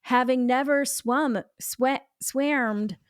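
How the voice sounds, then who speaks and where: An eager male Olympic sports reporter, as a woman puts him on asks his question in an upbeat interviewer tone. The voice is smooth and resonant. It is recorded dry and close. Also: high voice, takes it slowly, no echo, pitched above the performer's own voice.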